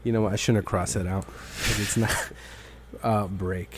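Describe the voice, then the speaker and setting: A man's voice: lowish voice, steady tone, measured pace, slight background noise. A man hosting a podcast in casual chat, rambling, swearing freely and acting out the people in his stories. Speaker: podcast host.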